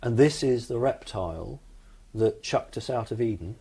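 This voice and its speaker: A man from the United Kingdom, calmly recounting his experiences as an interview guest in a matter-of-fact, explanatory way. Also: medium pitch, normal speed, creaky, slightly rough.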